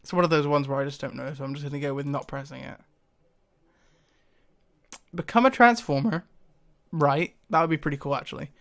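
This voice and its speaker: A man in casual to-camera commentary, thinking aloud and hesitating often, breaking into short laughs. His voice sits a little high for a man and sounds smooth and clear. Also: a little fast, pauses often, fairly bright tone. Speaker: YouTuber.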